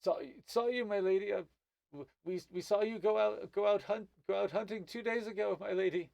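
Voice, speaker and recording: A man's voice: fairly even intonation, a little fast, gravelly, a little mellow, no echo. A man voicing a jittery male gnome sentry who groveling apologizes and uses British slang. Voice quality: squeaky high put-on voice.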